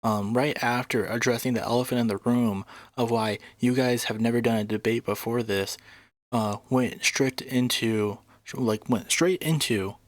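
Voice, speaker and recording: A man's voice: medium pitch, steady tone, moderate pace, no room sound. A man commenting casually on a debate clip, indignant and swearing freely. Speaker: reaction video host.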